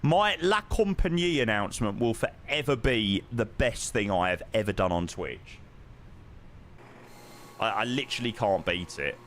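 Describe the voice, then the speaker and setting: A man's voice: fairly low pitch, lively intonation, unhurried, a bit bright, a little hiss or hum. A man, chatting casually with his live-stream chat while flying a sim, swearing now and then.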